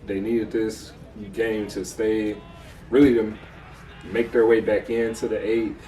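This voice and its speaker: A man's voice: on the low side, flat delivery, unhurried, mellow, soft background music. An American man co-hosting a casual sports recap, laid-back and slangy, tossing in "bro" often. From United States. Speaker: podcast co-host. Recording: echoey room, mic far off.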